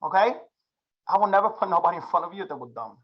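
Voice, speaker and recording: A man's voice: sits high, expressive, quick pace, lo-fi sound. Hyped slangy male trading teacher. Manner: slangy, hyped, calls on class with repeated questions. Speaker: trading instructor. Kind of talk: live chart-reading class.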